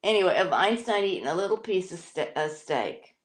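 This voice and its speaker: A woman's voice: fairly low pitch, animated, fairly quick. A middle-aged woman hosting a casual home stream, rambling and chatty with plenty of fillers and restarts. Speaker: parrot owner and show host. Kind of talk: casual live-stream chat. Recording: roomy echo.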